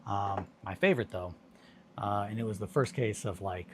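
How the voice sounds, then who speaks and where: Rambling low-voiced man streaming a hobby. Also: normal speed, a little hiss or hum. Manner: rambling, joking, mutters to himself while working. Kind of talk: casual live-stream chat while crafting.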